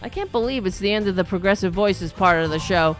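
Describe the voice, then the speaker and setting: A woman hosting a live-streamed political talk show, ranting angrily and bluntly, with plenty of profanity and some quieter asides to the chat. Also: medium pitch, a little fast, soft background music.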